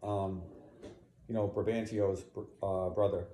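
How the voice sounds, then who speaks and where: A man's voice: low voice, flat delivery, slow pace, dark tone, slight background noise. A man reading a play aloud and explaining it in a conversational way, often checking in with "right?". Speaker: teacher. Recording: roomy echo.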